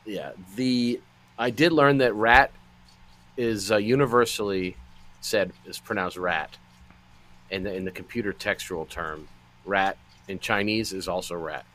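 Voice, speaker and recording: A man co-hosting a casual movie podcast, riffing through absurd rambling bits with a deadpan delivery. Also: on the low side, a little slow. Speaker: podcast co-host. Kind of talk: casual chat.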